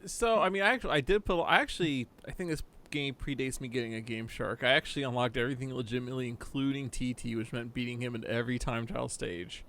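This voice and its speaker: A man's voice: mid-range voice, pushed and bright. A man playing as a contestant on a podcast game show, chatting casually, laughing easily and restarting his sentences. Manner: laughs easily, hesitant restarts before going quick.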